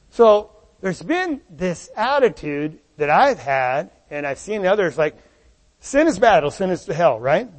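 A man with a high voice delivers a sermon. He preaches in an animated way and keeps asking the congregation rhetorical questions. His voice rings with the long reverb of a hall. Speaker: pastor.

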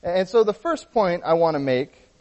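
A man's voice: high voice, lively intonation, normal speed, darkish tone. A man preaching a sermon, teaching earnestly through a Bible passage and often restarting his sentences. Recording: dull lo-fi sound with long hall reverb.

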